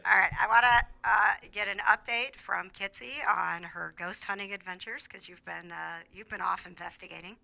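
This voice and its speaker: A woman hosting a casual podcast chat, lively and quick to laugh, with lots of fillers. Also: mid-range voice, gravelly. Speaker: podcast host.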